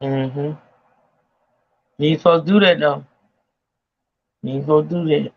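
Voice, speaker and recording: A co-host on a livestream who talks in a slow, teasing drawl and keeps breaking into laughter. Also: mid-range voice, fairly even intonation, muffled recording.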